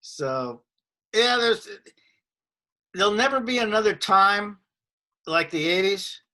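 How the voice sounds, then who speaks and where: A man in his sixties, a comedian guest telling anecdotes in an animated way in a casual interview. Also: high-pitched, slow.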